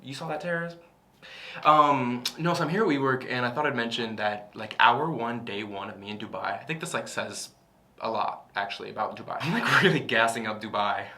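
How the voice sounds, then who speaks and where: A man's voice: medium pitch, fairly quick, bright, forceful tone. A man in his thirties talking casually to camera in a travel vlog, chatty and sarcastic, swearing and laughing often. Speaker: travel vlogger. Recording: music playing over the voice.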